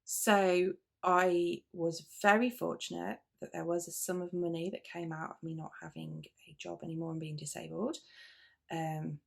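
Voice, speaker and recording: Creaky, slightly rough and on the low side, this British woman's voice carries a casual, rambling chat to camera for her knitting video podcast. Fillers, asides, restarts and self-interruptions come up constantly.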